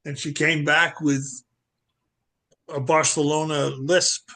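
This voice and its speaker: A man's voice: fairly high pitch, flat delivery, slow pace, sharp tone. A man at a virtual reading tells a personal story in a casual way, with small stumbles and restarts. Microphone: video call.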